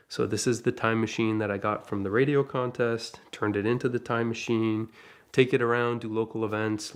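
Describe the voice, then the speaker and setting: A man telling a casual first-person story about crashing his car, chatty and lively, with asides and small laughs. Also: fairly low pitch. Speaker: DeLorean rental owner telling a crash story.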